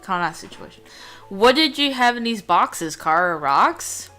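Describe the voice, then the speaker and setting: Bright, chatty woman host. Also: on the low side, expressive, a little slow, soft background music. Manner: rambling, chatty, reads game text aloud. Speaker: let's play host. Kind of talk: casual gameplay commentary. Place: home room.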